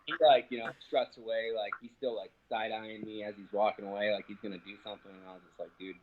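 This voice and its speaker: Low-voiced man telling a heated, profane story. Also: flat delivery, fast talker, narrow, tinny audio, background noise. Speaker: interview guest, professional fighter. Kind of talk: casual phone interview.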